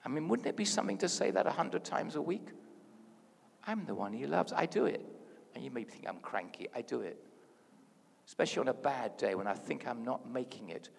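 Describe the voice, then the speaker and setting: A man preaching a sermon in a lively, playful way, dropping to a hush and then rising loud. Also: medium pitch, a little fast, vocal fry, slight background noise. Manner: animated, playful, swings from hushed to loud. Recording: hall reverb.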